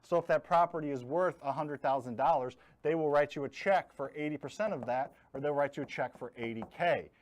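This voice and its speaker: A man's voice: on the high side, a little fast, hardly any pauses, slight background noise. A man hosting a live online investing class, talking bluntly and jokingly and leaning hard on his key words. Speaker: host teaching real estate investing. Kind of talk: live online training talk.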